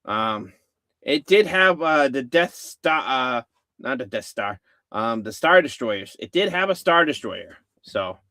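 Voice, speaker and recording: A man's voice: medium pitch, animated, unhurried, sharp tone, dry recording, clean studio sound. A man hosting a casual live-stream chat, rambling with many fillers and restarts. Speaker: host.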